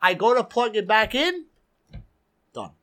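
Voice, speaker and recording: A man with a New York accent, a guest DJ telling a lively story in casual chat. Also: high voice, unhurried. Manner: animated, swears, acts out quotes.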